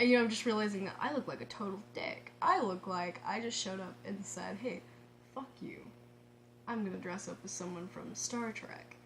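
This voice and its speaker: A woman vlogger telling a story in a casual, excitable way, laughing often and restarting her sentences. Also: mid-range voice, slight background noise.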